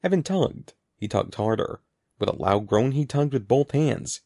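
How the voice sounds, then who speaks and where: Gravelly, animated storybook narrator, man. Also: medium pitch, moderate pace, no echo, studio quality. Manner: lively, expressive reading. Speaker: audiobook narrator.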